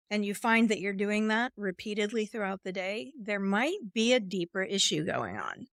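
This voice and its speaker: A woman's voice: mid-range voice, animated, normal speed, hardly any pauses, a bit bright, no echo, studio quality. A woman coach speaking as a podcast guest, explaining ideas expressively and acting out inner voices. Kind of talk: podcast interview conversation.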